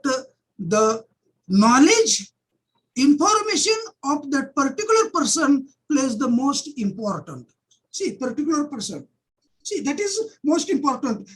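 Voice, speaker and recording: A woman's voice: sits high, poor audio. A middle-aged woman giving an academic webinar lecture, often repeating key phrases and starting sentences with "see".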